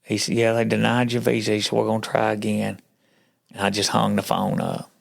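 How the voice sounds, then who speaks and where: A man's voice: lowish voice, monotone, a little fast, gravelly. A man as a podcast guest, telling his faith story in casual chat like a folksy storyteller who acts out what other people said.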